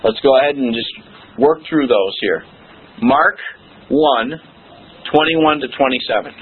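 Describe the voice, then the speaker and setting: A man's voice: mid-range voice, a little slow, breathy edge. A man leading a Bible study, explaining scripture and often checking in with his listeners. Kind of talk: scripture teaching. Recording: tinny phone-like, faint noise.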